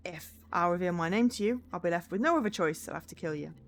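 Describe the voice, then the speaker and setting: A woman's voice: on the low side, lively intonation, fast, soft background music, pitched below the performer's own voice. A woman voicing a charming, joking male spy who rides in a taxi, with a breezy, friendly way of talking.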